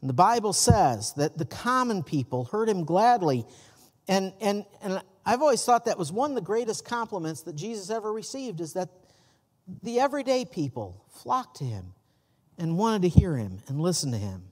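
A man's voice: sits high, very animated, moderate pace, darkish tone, in a large hall. A male pastor preaching a sermon in a church sanctuary, folksy and full of stories.

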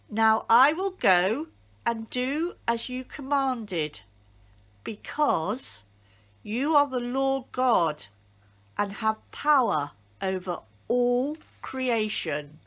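A woman's voice: a little high, very animated, drawn-out words, fairly bright tone, exaggerated voice. A woman voicing a miserable, remorseful runaway prophet in a storybook reading, in a resigned tone close to her own voice. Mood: grateful. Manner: gloomy, resigned.

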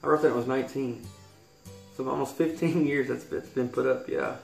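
With a Kentucky Southern accent and some vocal fry, this man in his thirties reads a poem, then talks from the heart in his YouTube vlog, rambling and restarting as he goes. His voice is mid-range, steady and fairly quick, set against roomy echo and faint guitar music.

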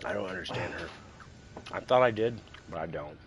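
A man chatting on his live stream through a headset, telling stories in an animated way and swearing freely. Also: deep voice, normal speed, very noisy. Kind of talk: casual chat on a live stream.

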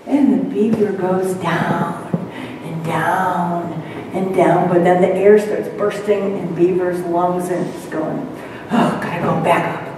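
A woman minister telling a story in a sermon, slowly and dramatically. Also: on the low side, steady tone, noisy background. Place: church sanctuary. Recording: echoey church hall, mic far off.

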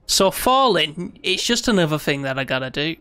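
A man streaming live gameplay, frustrated and swearing, then coaxing himself to stay calm. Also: on the high side, normal speed, clean tone.

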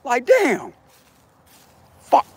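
This man's voice is extremely high with huge pitch swings, extremely slow and darkish in tone, with slight background noise. A tarot reader hiking a woodland trail, he talks to viewers in a relaxed, slangy, swearing style, laughing often, casual walking-vlog fashion.

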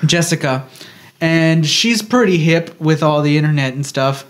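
A man co-hosting a podcast tells a story in casual conversation, animated and swearing freely as he acts out what people said. His voice is a little high and his pace unhurried.

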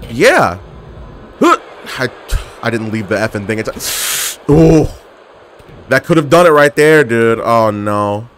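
A man's voice: medium pitch, very animated, slow pace, long pauses, a bit bright, a little hiss or hum. A young man giving live gameplay commentary, trash-talking his opponents and getting exasperated with the match. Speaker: gaming commentator.

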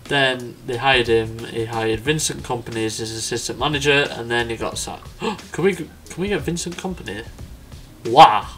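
A young man casually commenting on a football management game, chatty and excitable. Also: medium pitch. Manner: chatty, excitable, quick laughs and exclamations. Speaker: gaming YouTuber. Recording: faint background music.

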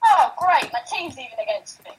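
A woman's voice: very high voice, slight background noise, low-quality recording. A woman chatting while playing a game, giggly, playful and self-mocking. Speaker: co-player. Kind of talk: casual gaming chat.

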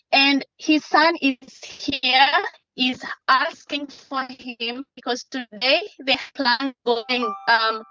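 A woman speaking to a court from inside a car, her high, bright voice coming through dull, lo-fi call audio. She pleads haltingly and restarts her sentences often. The sound is close and dry. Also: no echo. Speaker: witness and mother in a court hearing. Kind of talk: courtroom testimony by video call.

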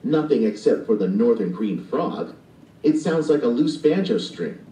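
Man voicing an eager frog-crazy kid, lively sing-song, storybook, distant echoey sound. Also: mid-range voice, normal speed, lightly acted. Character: eager young boy obsessed with frogs.

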